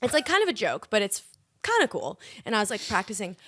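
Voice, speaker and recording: A young woman co-hosting a podcast in casual chat, giggly and animated, saying "like" a lot. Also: mid-range voice, fast talker, dry recording, clean studio sound. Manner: giggly, animated, heavy use of "like". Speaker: podcast co-host.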